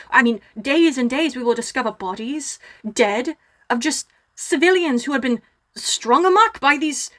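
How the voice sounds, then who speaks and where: A gruff, hot-tempered dwarf king rants with booming outrage, voiced by a woman running a tabletop game. He climbs high when he is worked up. It is a tabletop game, told by one voice. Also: a bit bright.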